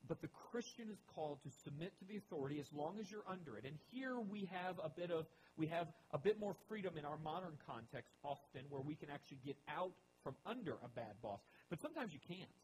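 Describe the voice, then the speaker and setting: A man preaching a sermon as pastor, with animated emphasis that rises and drops. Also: a little high, fast talker, few pauses, a little hiss or hum, rough recording.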